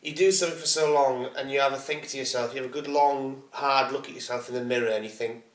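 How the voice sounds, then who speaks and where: A young adult man with a Welsh accent, bantering on a comedy podcast in a dry, deadpan way. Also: mid-range voice, quick pace. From Northwest Wales. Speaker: podcast co-host. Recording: echoey room, off-mic.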